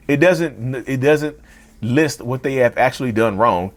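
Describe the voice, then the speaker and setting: A man hosting a mental health channel, talking straight to his viewers in an animated way and rephrasing each point several times. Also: medium pitch, unhurried. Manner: addresses viewers as "y'all". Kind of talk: direct-to-camera talk.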